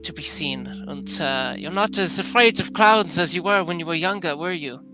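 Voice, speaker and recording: A player voicing a weary, soft-spoken elf father who is a hacker, in a tabletop role-play. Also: mid-range voice, normal speed, faint music behind, pitched above the performer's own voice, natural voice, poor audio. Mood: tender.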